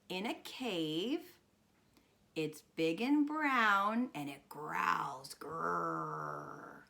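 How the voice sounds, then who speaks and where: A woman speech teacher reading a guessing picture book to young children, animated and encouraging, with gasps and drawn-out words. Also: on the low side. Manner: coaxing and encouraging, asking children questions.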